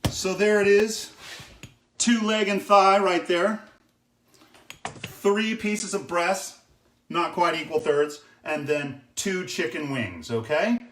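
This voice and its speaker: A man's voice: high-pitched, takes it slowly, a bit bright, reverberant. A man hosting a casual live cooking demo in his kitchen, chatting with viewers and often checking in with "okay?". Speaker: chef hosting a cooking stream. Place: home kitchen.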